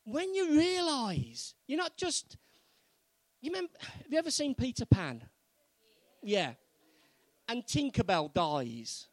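A man preaching a sermon, moving from quiet, earnest pleading to loud, fervent exhortation. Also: very high voice, wildly swooping pitch, slow pace, pauses often, no echo, low-quality recording.

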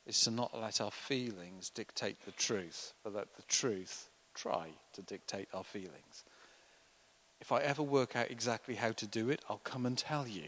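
Bright-voiced man preaching. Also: lowish voice, poor audio. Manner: animated, acts out voices of the disciples. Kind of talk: sermon.

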